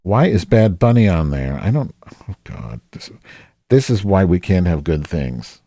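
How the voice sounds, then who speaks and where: A man's voice: low voice, very animated, measured pace, gravelly, dark tone, no room sound, clean studio sound. A man hosting a podcast, rambling casually with lots of swearing and self-deprecating asides. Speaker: podcast host.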